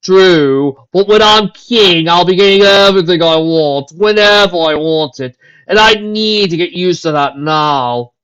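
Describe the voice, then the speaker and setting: A woman's voice: lowish voice, fairly bright tone, voice pushed up. Woman doing a pompous male unicorn prince. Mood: arrogant. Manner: slow, grandly boastful. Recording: dull lo-fi recording.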